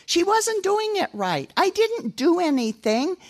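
An older woman acting out a small, stubborn boy who whines high and slow as he blames everyone else. His voice is squeaky and a little gravelly. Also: big pitch swings, exaggerated voice. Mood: whiny. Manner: whining, defensive.

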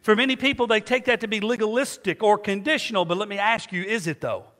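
High, bright-voiced male preacher. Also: quick pace. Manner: call-and-response preaching, asks the congregation to fill in words. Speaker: pastor. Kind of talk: sermon. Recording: long hall reverb.

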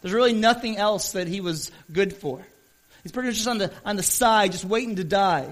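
A man preaching a sermon as pastor, retelling a Bible story earnestly with shifts in pace and loudness. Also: sits high, fairly quick.

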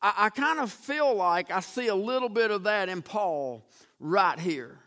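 Male preacher, high and crisp, emphatic sermon delivery. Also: lively intonation, measured pace, sharp tone. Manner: emphatic, repetitive restarts, addresses congregation.

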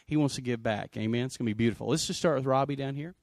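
A man pastoring a church service, energetic and joking as he calls people up to share. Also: medium pitch, racing, no room sound, studio quality. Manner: energetic, joking, shouts out to the congregation. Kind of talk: sermon.

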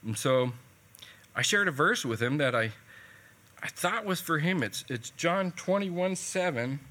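Bright-voiced man preaching conversationally. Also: on the high side, lively intonation, a little slow. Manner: conversational, folksy, retells dialogue. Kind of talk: sermon with personal storytelling.

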